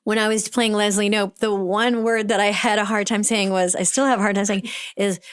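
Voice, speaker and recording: A woman in her fifties with a Boston accent hosts a relaxed interview, chatty and laughing often between quick asides. Her pitch sits in a middling range, and the sound is dry and close. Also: clear, resonant tone, no echo. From Boston area. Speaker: podcast host. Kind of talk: casual interview chat.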